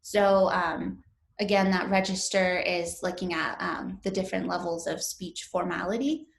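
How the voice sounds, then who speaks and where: A woman's voice: fairly low pitch, steady tone, moderate pace, creaky, roomy sound. A young woman instructor giving a casual recorded lecture, filling her talk with um and like. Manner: casual, lots of fillers like um and like.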